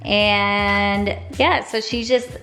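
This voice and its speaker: A woman's voice: mid-range voice, steady tone, extremely slow, a bit bright, faint music behind. A woman chatting to her viewers in an upbeat, casual way as she cooks at home. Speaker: vlogger. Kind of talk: casual cooking vlog. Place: home kitchen and backyard grill.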